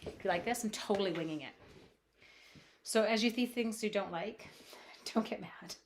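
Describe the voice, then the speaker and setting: Casual woman from Canada narrating a craft stream, chatty and playful, mid-pitch voice. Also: normal speed. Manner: chatty, playful, reads chat comments aloud, thinks out loud. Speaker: crafting demonstrator. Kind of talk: live-streamed card-making demo, chatting with viewers. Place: home craft space at a lake cottage at night.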